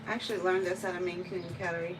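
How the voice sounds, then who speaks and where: A woman's voice: fairly low pitch, flat delivery, racing, noisy background. A woman cat groomer chatting on a live stream, cooing baby talk to the cat she grooms.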